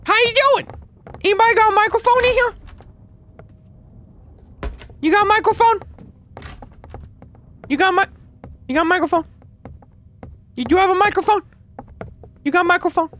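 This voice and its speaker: A man's voice: normal speed, long pauses, bright, forceful tone. A man putting on the voice of a lonely, needy eight-year-old boy, trolling strangers over voice chat. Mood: chirpy. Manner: high childish pleading, needy and pestering.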